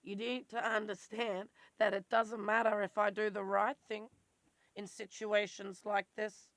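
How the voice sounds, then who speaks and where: An adult in their forties with an Australian accent, talking bluntly and intensely in a candid personal monologue. Their voice is worn and turns squeaky when they get worked up. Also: level tone, measured pace, a bit bright, no echo. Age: 40s. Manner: blunt, swears freely, intense and rambling. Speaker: vlogger.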